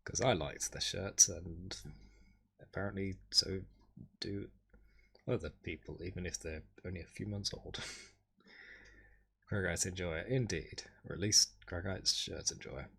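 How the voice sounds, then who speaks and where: A man streaming, casually recapping a holiday over his photos in a rambling, wry way, with sudden excited jumps in pitch. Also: a little slow, gravelly, long pauses, breathy edge.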